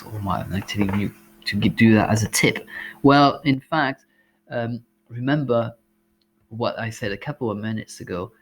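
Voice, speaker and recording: A man's voice: medium pitch, fairly bright tone. A man with a French accent, a language teacher giving exam tips, explaining step by step with frequent ums and uhs.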